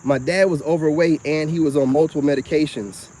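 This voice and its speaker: Guy rambling outside, kinda high voice, lots of "you know what im saying", crickets in the back. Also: steady tone, a little fast, mellow, slight background noise. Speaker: self-styled spiritual vlogger. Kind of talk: casual monologue to camera.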